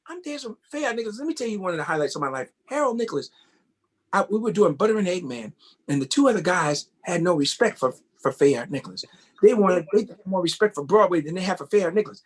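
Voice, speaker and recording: Brief: man, fairly high voice, animated interview guest, casual storyteller. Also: slightly rough. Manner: animated, keeps asking "you know what I mean?". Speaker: guest, tap dancer.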